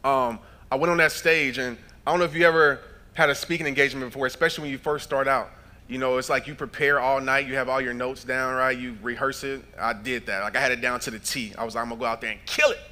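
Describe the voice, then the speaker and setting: A man in his thirties giving a motivational keynote speech on stage, telling stories with acted-out dialogue and building up to shouted points. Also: medium pitch, steady tone, fast talker. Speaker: motivational speaker. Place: large event hall.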